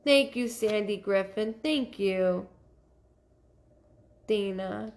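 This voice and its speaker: A woman with a mid-range, darkish-toned voice hosts a live stream as a psychic medium. She thanks viewers by name and passes along messages in a searching, halting manner.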